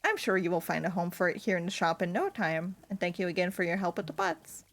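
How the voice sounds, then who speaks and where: A woman voicing a gentle, formal, wistful shopkeeper man while reading game dialogue. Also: fairly low pitch, quick pace, lightly acted.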